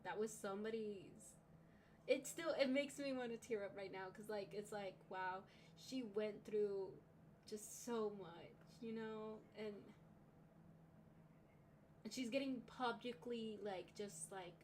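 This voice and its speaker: Slow-talking woman reacting, emotional. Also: mid-range voice, darkish tone, slight background noise. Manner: emotional, swears a lot, sighs. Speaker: livestream reaction host. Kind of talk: casual reaction commentary.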